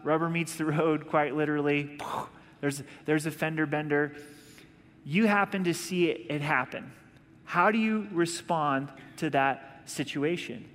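A man's voice: on the high side, a bit bright. A male pastor preaching a sermon in a casual, conversational way, acting out little asides. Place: church sanctuary. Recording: long reverb of a large hall.

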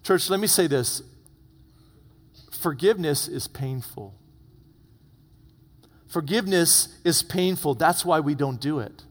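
A male pastor preaching a sermon, retelling a story dramatically and dropping to hushed tones for emphasis. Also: a little high, animated, slow, pauses often. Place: church. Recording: long reverb of a church hall.

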